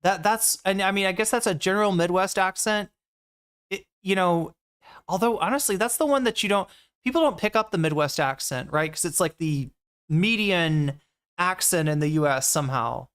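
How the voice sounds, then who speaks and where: A woman's voice: fairly low pitch, moderate pace, smooth. A woman streamer chatting casually while reacting to a video, rambling and talking to her chat.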